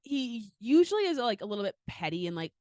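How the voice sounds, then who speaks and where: A woman's voice: on the high side, fast talker, no echo. A woman co-hosting a podcast, chatting casually with frequent hesitations and restarts. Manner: hesitant, restarts often, lively. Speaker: podcast co-host. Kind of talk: casual chat.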